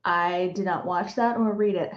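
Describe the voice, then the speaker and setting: A woman's voice: fairly low pitch, fairly even intonation, normal speed. A young woman hosting a live stream, chatty and enthusiastic, often repeating herself. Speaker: streamer host. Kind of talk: casual live-stream chat. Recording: dull lo-fi stream audio.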